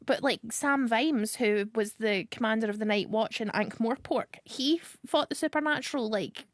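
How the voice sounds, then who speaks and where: A Scottish woman hosting a radio show, chatting casually and breaking into excited exclamations. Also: moderate pace, no echo, clean studio sound. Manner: animated, bursts into high excited exclamations. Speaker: radio host. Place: radio studio. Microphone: studio microphone.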